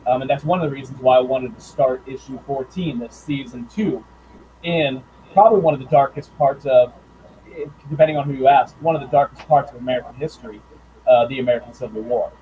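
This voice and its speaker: A man who writes and draws comics, talking about his work in a casual interview, thoughtful and halting with fillers and restarts. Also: medium pitch, phone-quality sound, slight background noise. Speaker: comics writer and artist guest.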